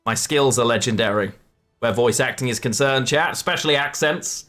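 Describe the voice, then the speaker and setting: A man's voice: medium pitch, normal speed, a bit bright, faint music behind. A man live-streaming a card game, chatting with viewers and correcting himself as he plays. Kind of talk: live game commentary to chat.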